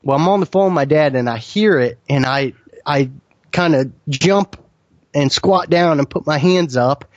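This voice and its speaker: Guy retelling a scary night in an interview, kinda high voice, dull dry lo-fi sound. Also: moderate pace, dry recording. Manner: earnest, vivid retelling with frequent restarts. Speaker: guest recounting an encounter. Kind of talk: first-person storytelling.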